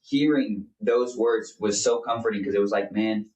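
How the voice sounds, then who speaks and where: A man's voice: fairly low pitch, moderate pace, darkish tone. A young man, a podcast co-host, talking earnestly in a rambling, casual way with many fillers. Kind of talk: casual faith chat. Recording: roomy, distant mic.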